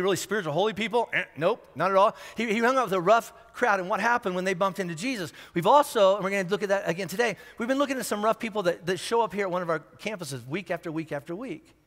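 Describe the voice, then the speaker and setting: A high-voiced male pastor preaching in a large church auditorium. He talks in a lively, conversational way, stumbling over restarts and tossing in asides. His voice rings with a long hall reverb. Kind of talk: sermon.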